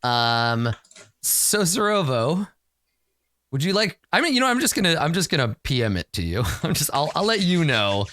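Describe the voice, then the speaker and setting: A man running a tabletop game as dungeon master, narrating scenes and talking quickly with his players in asides. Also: fairly high pitch, very animated, pushed and bright, no room sound, clean studio sound.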